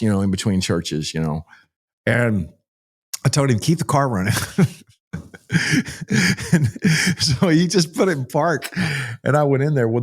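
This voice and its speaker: A middle-aged man from Texas, a pastor telling stories in a folksy, animated way during an interview. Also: mid-range voice. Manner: folksy, animated storyteller with frequent restarts. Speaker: pastor and child rescuer. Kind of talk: interview storytelling.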